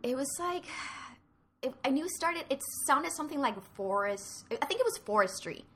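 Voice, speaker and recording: A woman's voice: high voice, lively intonation, a bit bright. A woman from Puerto Rico with a Spanish accent, an improv actor chatting casually and restarting her sentences often. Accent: Puerto Rican Spanish. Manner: halting, full of fillers and restarts. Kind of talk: casual chat.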